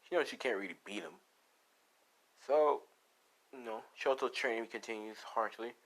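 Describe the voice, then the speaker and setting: A man's voice: medium pitch, moderate pace, a bit bright. Rambling casual male fan storyteller. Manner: rambling, profane, lots of "you know" and restarts.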